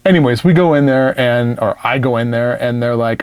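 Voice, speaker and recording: A man's voice: medium pitch, moderate pace, few pauses, smooth, dry recording. A man telling a story in casual chat, blunt and full of swearing. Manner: profane, animated, blunt.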